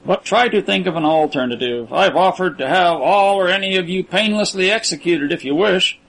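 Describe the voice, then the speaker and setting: A wealthy captor speaks to his prisoners coolly and with open scorn, never hurrying, as a male narrator voices him. The voice sits a little high for a man. It comes across as a storybook reading. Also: gravelly, a bit bright, exaggerated voice, rough recording. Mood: cold, scornful. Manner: cool, measured, scornful. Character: cold, scornful rich man holding captives.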